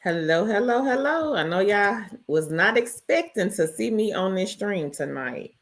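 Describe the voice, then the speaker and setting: A woman's voice: mid-range voice, animated, a little slow. A woman hosting a casual live stream, greeting viewers by name and reading their chat messages aloud. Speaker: livestream host.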